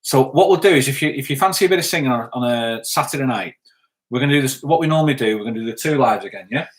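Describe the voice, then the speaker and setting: A man's voice: mid-range voice, lively intonation, rapid-fire. A middle-aged man co-hosting a live stream, joking and reading viewers' comments aloud as he thanks them.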